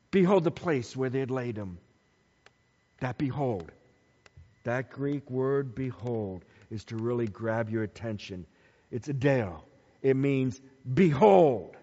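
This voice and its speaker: Slow emphatic preacher man in a hall. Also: mid-range voice, lively intonation. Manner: dramatic, slow and emphatic with hushed passages. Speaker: pastor. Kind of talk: Easter sermon. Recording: dull sound with long hall reverb.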